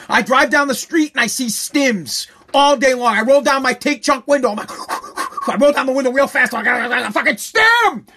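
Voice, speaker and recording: A man hosting a podcast, ranting angrily, yelling and swearing, hammering on his points with repeated phrases. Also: very high voice. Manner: yelling, profane, aggressive; repetitive, emphatic phrasing. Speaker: podcast host. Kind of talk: angry podcast rant.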